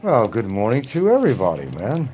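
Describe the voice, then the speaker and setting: A live-stream host rambles and meanders as he chats casually with his viewers. His medium-pitched voice swings hugely in pitch and moves fairly quickly. Noisy ambient sound fills the background.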